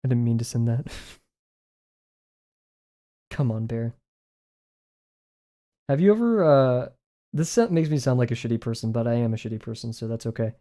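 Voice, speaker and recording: Young adult streamer, casual drawing-stream chatter, rambly and self-mocking, dark mellow tone. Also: medium pitch, lively intonation, normal speed, long pauses. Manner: rambling, self-deprecating, muttering to self. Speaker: livestreaming artist. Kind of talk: casual chat while drawing on a livestream.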